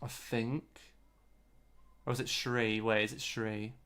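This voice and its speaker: A man's voice: on the low side, level tone, takes it slowly, fairly bright tone, clean tone. A man giving live commentary on his own competitive game, frustrated and self-critical. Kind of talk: live-streamed match commentary.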